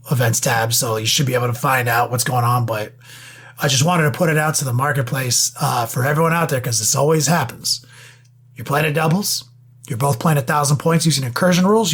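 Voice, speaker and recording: A man's voice: medium pitch, husky. A man co-hosting a podcast, talking in a blunt, offhand way and cursing freely. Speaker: podcast co-host. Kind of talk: casual podcast talk.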